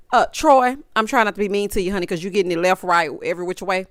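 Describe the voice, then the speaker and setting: Sassy woman recapping TV, lively voice. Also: mid-range voice, quick pace, hardly any pauses, smooth, no room sound, clean studio sound. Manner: animated, dramatic and sassy, with punchy asides. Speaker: reality TV recap host.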